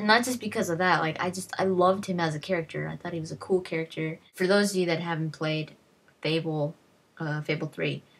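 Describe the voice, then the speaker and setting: Young woman, gaming vlogger, casual rambling storytelling, husky, lowish voice. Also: fairly bright tone. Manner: rambling, lots of fillers and restarts, acts out quotes.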